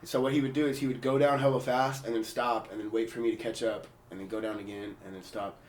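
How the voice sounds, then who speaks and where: A young man hosting a podcast, telling a story in casual chat, animated and swearing a lot, with his voice leaping up high for quoted people. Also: fast, echoey room, recorded from a distance. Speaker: podcast host. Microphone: portable recorder.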